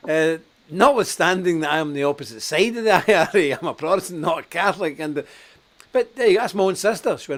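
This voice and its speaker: A man's voice: on the high side, lively intonation, fairly quick, a bit bright. Male host from Scotland, blunt and emphatic, mid-range voice, chuckles through his anecdotes. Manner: blunt, emphatic, laughs at his own stories. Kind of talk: live online talk show chat.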